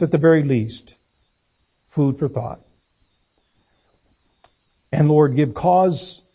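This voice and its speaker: Male preacher, sermon, slow and deliberate, mellow husky voice. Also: medium pitch. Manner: slow, deliberate, emphatic delivery. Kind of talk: sermon with scripture reading and prayer.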